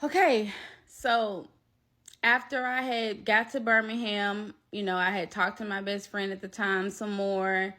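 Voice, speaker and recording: A woman tells her story in a storytime vlog. She is animated and emphatic and speaks straight to her viewers. Her voice is bright and ringing. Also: mid-range voice, measured pace. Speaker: storytime vlogger.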